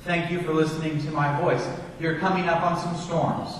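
A man voicing a calm male air traffic controller who talks slowly and steadily, recorded from far off in an echoey hall. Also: on the high side, lightly acted. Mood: steady calm. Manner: slow, measured, reassuring.

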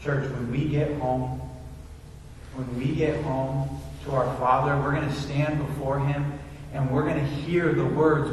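A man's voice: a little high, steady tone, a little slow, a little hiss or hum. A man preaching a sermon in a church, telling a story earnestly, recorded from far off in an echoey hall. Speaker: pastor.

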